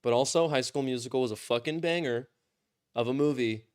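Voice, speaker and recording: Twenties male podcast host, medium pitch, rambling and self-deprecating, casual swearing. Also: a little fast, clear, resonant tone. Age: 20s.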